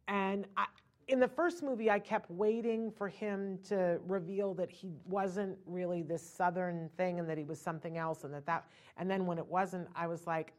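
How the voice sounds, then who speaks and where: Woman co-host, chatty film review, blunt opinions, quick laughs. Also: lowish voice. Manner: animated, frank, laughs often. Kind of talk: casual film review chat.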